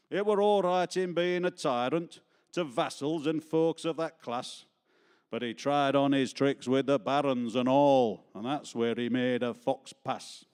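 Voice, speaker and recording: A man's voice: mid-range voice, darkish tone, smooth, pitched above the performer's own voice, natural voice. A man voicing a jaunty Northern English storyteller in a put-on Yorkshire-Lancashire accent, giving a bouncy comic recitation in rhyming verse.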